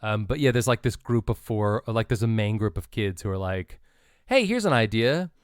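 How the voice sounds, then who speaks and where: An American man co-hosts a podcast, joking around and retelling stories in casual chat with lots of ums and uhs. His voice is on the low side, clean and a little fast, recorded in studio quality with no room sound.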